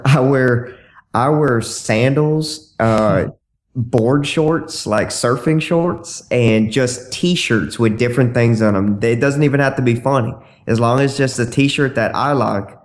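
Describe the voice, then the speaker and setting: Male podcast guest, mid-pitched, goofy and playful, acts out silly lines as he tells stories. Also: slow pace. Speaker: dating coach guest. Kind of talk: casual podcast interview.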